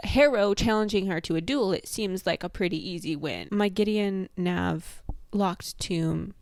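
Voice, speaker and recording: A woman's voice: mid-range voice, a little slow, darkish tone, no room sound. A young woman casually recapping a novel with wry, playful asides. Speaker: book recap vlogger.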